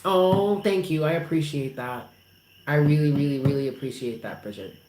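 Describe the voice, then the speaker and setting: Low-voiced lady doing a live tarot stream, affectionate, swears a bit, roomy echo. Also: normal speed. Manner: affectionate, emphatic, swears casually. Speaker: tarot reader. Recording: roomy with faint background noise.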